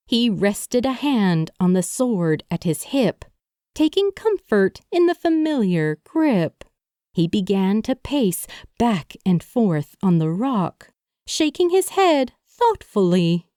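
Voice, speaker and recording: A woman narrating a supernatural romance audiobook with even, measured storytelling. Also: medium pitch, smooth, no room sound, clean studio sound. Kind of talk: scripted narration.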